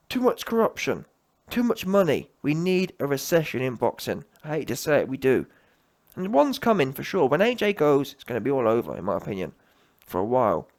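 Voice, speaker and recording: Man, solo boxing rant, heated, emphatic, lively up-and-down delivery. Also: a little high. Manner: heated, emphatic, rapid restarts. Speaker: boxing commentator.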